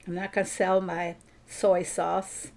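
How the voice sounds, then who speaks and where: A woman's voice: on the low side, level tone, takes it slowly, creaky, a little mellow. A woman chatting casually while she plays a farming game on stream, thinking aloud and answering viewers. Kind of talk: casual gameplay commentary.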